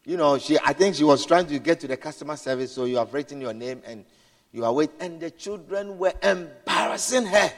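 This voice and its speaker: A man preaching a sermon, swinging from hushed storytelling to shouted exclamations, repeating words and adding hallelujah and amen. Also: fairly high pitch, fairly quick. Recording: long hall reverb.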